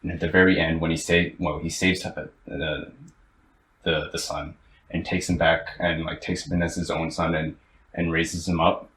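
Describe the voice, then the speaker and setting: Very deep-voiced young man retelling a story. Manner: animated, halting storyteller with many restarts. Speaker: podcast co-host. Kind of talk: casual chat. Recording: roomy, with faint ambient noise.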